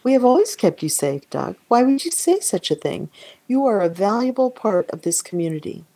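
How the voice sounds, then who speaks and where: A woman's voice: on the high side, sing-song, brisk, dark tone, breathy edge, no room sound, voice pushed up. A woman reading aloud the lines of a kindly, patronizing doctor with a soothing, condescending manner.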